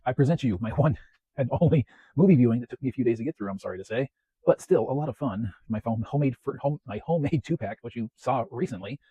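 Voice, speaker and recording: Husky, mellow-voiced man rambling casually. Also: mid-range voice, animated, fast, no echo, lo-fi sound. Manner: chatty, self-deprecating, clears throat often. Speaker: home media collector vlogger. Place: home, West Coast of the US.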